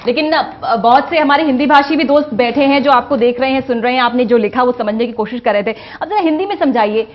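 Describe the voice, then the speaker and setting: A woman from India hosting a TV interview, giving quick encouraging prompts and questions. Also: high voice, dull audio. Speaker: TV host.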